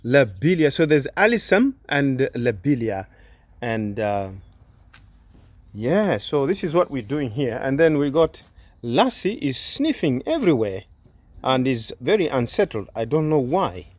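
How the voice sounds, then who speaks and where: A man's voice: mid-range voice, sing-song, a little slow, no echo. A man hosting a casual gardening vlog outdoors, chatty and full of questions. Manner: chatty, asks lots of questions. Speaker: video host helping with gardening.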